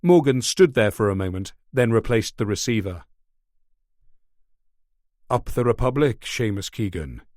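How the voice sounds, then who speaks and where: In a mid-range voice, a man reads scripted narration for a thriller audiobook, keeping a steady, measured pace. The sound is clean studio audio with no echo.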